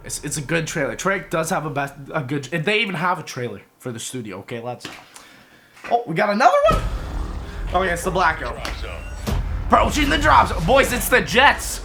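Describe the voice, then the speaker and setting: High-voiced excitable young streamer. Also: male voice, normal speed, gravelly, pauses often. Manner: excitable, joking, keeps calling viewers boys and lads. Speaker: gaming streamer. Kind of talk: casual live-stream commentary. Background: game and trailer music.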